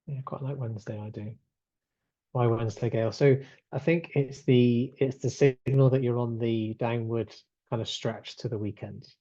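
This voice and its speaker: A man hosting a webinar over a video call chats easily and reads replies from the chat with plenty of ums. His voice is mellow and dark, heard dry and close. The audio has a slightly dull, muted edge. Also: mid-range voice, fairly even intonation, moderate pace, no room sound. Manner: chatty, reads out chat replies, many fillers. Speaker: webinar host.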